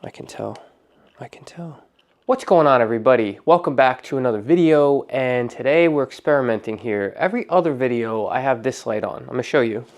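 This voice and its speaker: A man's voice: mid-range voice, lively intonation, fast, hardly any pauses. Joking, rambling man unboxing products. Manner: rambling, joking, self-deprecating. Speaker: detailing channel host. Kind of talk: casual unboxing vlog.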